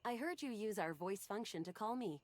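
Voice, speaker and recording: A woman voicing a polite female voice-assistant machine in a video game, calm and scripted, repeating her phrases. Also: medium pitch, normal speed, close to an everyday voice.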